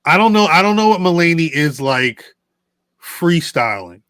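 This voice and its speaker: A man co-hosting a podcast speaks in a bright, forward voice, recorded close and dry. He talks thoughtfully, hesitating and restarting his sentences. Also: fairly high pitch, expressive, normal speed, smooth, dry recording. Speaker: podcast co-host. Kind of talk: casual chat.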